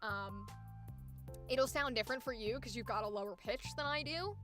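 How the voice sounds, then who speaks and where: A woman voice actor chatting casually on a livestream, excitable, laughing often and swearing freely. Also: on the high side, normal speed, faint music behind. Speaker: voice actor streaming with chat.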